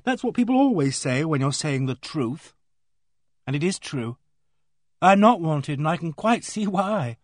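A man's voice: on the high side, very animated, unhurried, no room sound, studio quality, voice pushed up. A man reading aloud and voicing a sullen, awkward teenage girl who talks bluntly and gloomily. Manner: blunt, gloomy, bursts into bitter outbursts.

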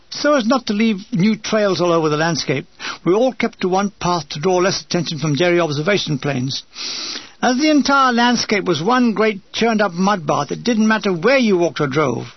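Brief: high-ish, gravelly male memoir reader, dry close sound. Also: no echo, dull audio. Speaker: narrator. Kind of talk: reading a wartime memoir aloud.

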